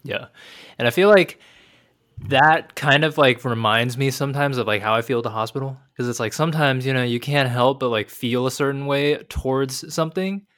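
A young man talks through an anime episode with a co-host in a loose, rambling way. His mid-range voice bounces with animated emphasis and frequent fillers. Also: mid-range voice, moderate pace. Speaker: podcast co-host. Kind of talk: casual anime episode discussion.

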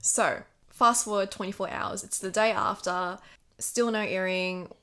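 A young Australian woman co-hosting a podcast, her voice raspy from just waking up, telling a sweary, animated story in casual chat. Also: mid-range voice, unhurried. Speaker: podcast co-host.

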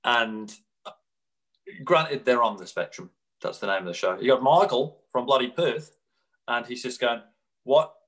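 Brief: male podcast co-host, lively storyteller, drops into quick impressions. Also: medium pitch, poor audio. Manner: animated storyteller, mimics people in quick put-on quotes. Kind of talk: casual chat.

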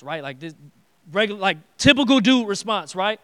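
A man preaching a casual, slangy sermon in a church, animated and acting out quotes. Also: high-pitched, moderate pace.

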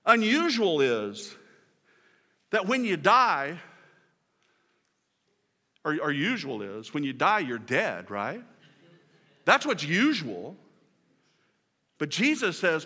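A male pastor preaching a sermon at a church service, with energetic delivery, repeated words and casual, folksy phrasing. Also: high voice, unhurried. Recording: long hall reverb.

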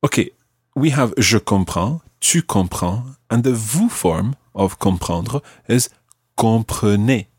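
A man teaching a podcast language lesson, his lowish voice moving in a lively way as he patiently spells out phrases. His tone is slightly husky, recorded dry and close. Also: slow, dry recording.

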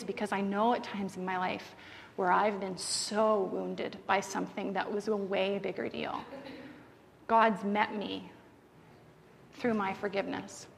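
This woman's voice is mid-range and gravelly. In her thirties, she preaches in a church sanctuary, animatedly recounting family stories and performing relatives' quotes, with the hall's echo and faint room noise in the background.

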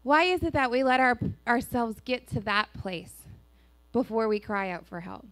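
A high, bright-voiced woman pastor with a drawl preaches from a church stage. She tells stories in an animated way and acts out each person's lines. Her voice is close and dry on the mic. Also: normal speed, no room sound. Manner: animated storytelling, acts out dialogue. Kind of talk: sermon with personal story. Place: church sanctuary.

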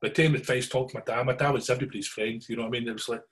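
A middle-aged man with a Glaswegian Scottish accent telling stories in casual chat, animated and always checking in with his listeners. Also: medium pitch, rapid-fire. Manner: animated yarn-spinning, keeps checking in with listeners.

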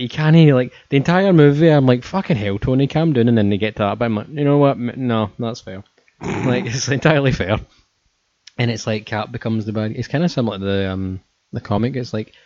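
A man's voice: fairly low pitch, a little mellow, dry recording. A man chatting casually and ranting animatedly with friends, swearing a lot. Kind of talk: casual chat. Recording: dull lo-fi sound.

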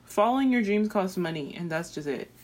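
A woman's voice: medium pitch, expressive, a little fast, darkish tone. A young woman co-hosting a casual chat, agreeing often and chiming in bluntly with slang.

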